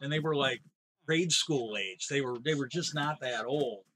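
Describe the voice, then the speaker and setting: A man's voice: medium pitch, moderate pace, pushed and bright, slightly rough, poor audio. A man streaming a game live, retelling a story in a rambling, meandering way. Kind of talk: rambling casual chat while gaming.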